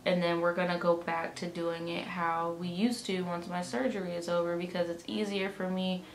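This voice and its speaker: A woman's voice: fairly low pitch, normal speed. A young woman telling a vlog storytime, swearing and acting out both sides of a conversation, with a swollen, aching jaw. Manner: exasperated, profane, animated retelling with quoted dialogue. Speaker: vlogger. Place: indoor room, at home. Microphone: camera mic. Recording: echoey room, faint ambient noise.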